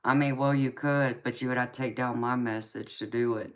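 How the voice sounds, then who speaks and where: A woman's voice: very deep voice, fairly even intonation, brisk. Sweet-talking Southern woman on a live stream. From California, raised in Georgia. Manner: affectionate, calls viewers honey and sweetheart, laughs often. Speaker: tarot reader and live stream host. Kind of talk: casual live chat with viewers.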